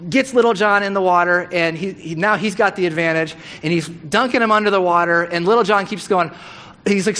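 Animated middle-aged man preaching. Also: high-pitched. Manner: casual, animated storytelling with acted-out quotes. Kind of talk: sermon storytelling.

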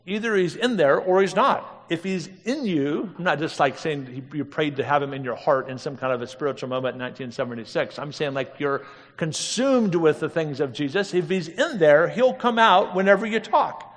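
A lively male preacher with a slightly raised voice tells stories to a crowd, tossing out rhetorical questions and laughing along. The sound rings out with the long reverb of a big hall. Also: fairly high pitch, moderate pace. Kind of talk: storytelling sermon.

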